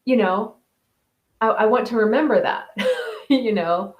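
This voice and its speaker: A woman's voice: a little high, animated, moderate pace, long pauses. A woman hosting a mindfulness talk, chatting casually, thinking aloud and reading out viewer comments. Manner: chatty, thinks aloud with many restarts and "right?". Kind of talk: casual live-stream chat. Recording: roomy echo.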